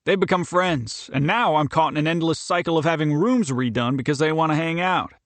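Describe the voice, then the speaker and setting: A man's voice: a little high, a little fast, fairly bright tone, no room sound, pitched above the performer's own voice. A man voicing a playful hockey captain who needles his teammate, in an audiobook. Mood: teasing. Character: teasing male hockey captain, jovial.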